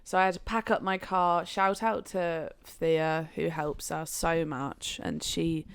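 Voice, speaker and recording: A young woman co-hosting a podcast from a friend's house, telling a story in a giggly, animated way. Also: deep voice, slow, clear, resonant tone, no room sound. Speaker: podcast co-host. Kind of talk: casual chat.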